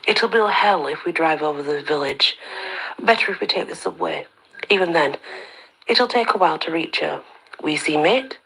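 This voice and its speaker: A woman reading a story aloud as host of her own channel, steady and even, with soft half-whispered dips. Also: low-pitched, moderate pace, husky, low-quality recording.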